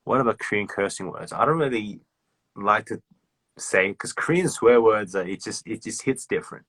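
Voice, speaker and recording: A man's voice: fairly low pitch, expressive, moderate pace, a bit bright, husky, dry recording. A man with an Australian accent chatting casually with fans on a livestream, swearing freely, laughing and repeating himself as he talks. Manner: loose and profane, laughing, repeats words. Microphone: phone.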